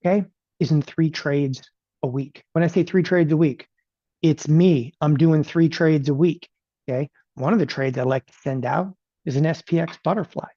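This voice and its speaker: Guy running a live trading webinar, says okay every other line, fast and punchy, kinda higher voice, dry muffled audio. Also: no echo. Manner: animated, repeats "okay?" constantly, rapid-fire. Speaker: options trading educator.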